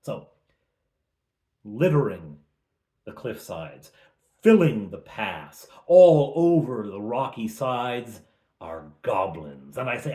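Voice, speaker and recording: A man's voice: mid-range voice, sing-song, slow, pauses often, warm tone, reverberant. A man recapping a tabletop game as game master, in a casual, chatty way with asides.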